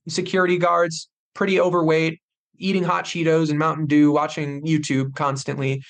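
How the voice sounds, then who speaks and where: Casting: young man, slightly high voice, intense podcast storyteller who acts out the people in his story. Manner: intense, animated retelling with acted quotes. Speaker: podcast guest. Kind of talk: personal storytelling.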